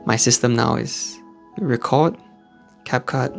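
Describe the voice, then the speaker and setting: A Singaporean man with a gravelly edge to his voice talks in a hushed, quiet way, like someone keeping his voice down indoors at night. His pitch sits in an ordinary middle range. Faint music plays softly behind him. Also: fairly even intonation, normal speed. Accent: Singaporean English. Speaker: host of a faith-based channel for men. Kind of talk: casual motivational vlog talk. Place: at home indoors late at night. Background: faint background music.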